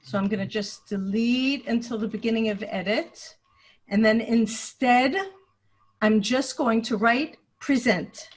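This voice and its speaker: A teacher trainer runs a webinar over a video call, sharing her screen and walking through a computer task step by step while thinking aloud. Her voice sits a little high and moves a little slowly, picked up by a computer mic.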